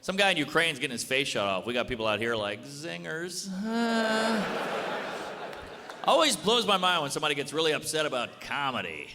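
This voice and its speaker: A man doing a stand-up routine on a club stage, delivering blunt, deadpan jokes and acting out quick bits of dialogue. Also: mid-range voice. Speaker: stand-up comedian. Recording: live club with audience noise and reverb. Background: laughing audience.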